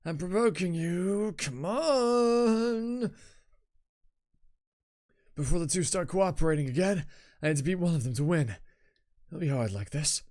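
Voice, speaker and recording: A British man voicing a cocky, taunting young male fighter in a webtoon read-through, pitched well above his own voice. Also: animated, measured pace, pauses often. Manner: loud, taunting.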